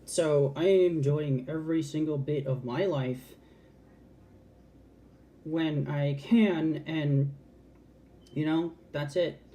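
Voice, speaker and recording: A woman's voice: low-pitched, slow, pauses often, mellow. A trans woman talking frankly to camera in a casual, heartfelt vlog, swearing freely and restarting her sentences. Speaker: vlogger.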